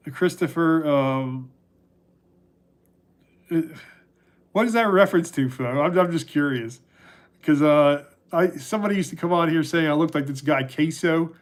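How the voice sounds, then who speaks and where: A middle-aged man hosting a casual livestream, talking through chat questions in a rambling, halting way with many restarts. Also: mid-range voice. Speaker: livestream host answering chat.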